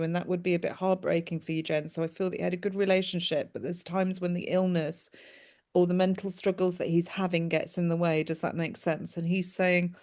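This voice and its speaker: A woman medium giving a live reading, talking in halting, repetitive bursts, relaying what she senses with frequent restarts and bits of laughter. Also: on the low side. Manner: earnest and animated, breaking into laughs. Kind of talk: live mediumship reading over a video call.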